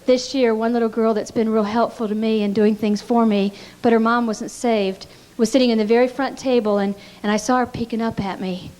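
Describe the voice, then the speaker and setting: A woman's voice: on the high side, fairly even intonation, brisk, few pauses, a little mellow. A woman giving a teaching talk at a pastors' conference, telling stories earnestly and often stammering on repeated words.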